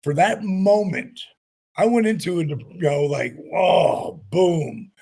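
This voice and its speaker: A man in his sixties, a retired wrestler being interviewed, telling animated stories. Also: high voice, normal speed, gravelly, slightly rough. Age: 60s. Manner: animated anecdotes, acts out quotes. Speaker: guest, retired pro wrestler. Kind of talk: storytelling interview.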